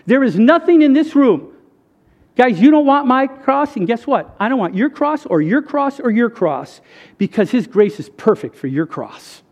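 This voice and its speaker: A man's voice: very high voice, very animated, normal speed, a little mellow, muffled recording. A man giving a conversational sermon testimony, earnest and emphatic, speaking straight to the crowd. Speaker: speaker sharing a faith testimony.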